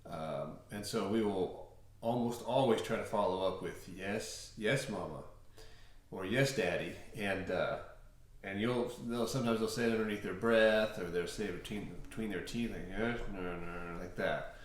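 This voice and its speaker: A middle-aged man co-hosting a parenting talk, speaking in a measured way with frequent fillers. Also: on the low side, recorded from a distance. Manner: measured, with many fillers and restarts. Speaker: parenting blog co-host. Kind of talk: casual advice talk. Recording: very echoey room.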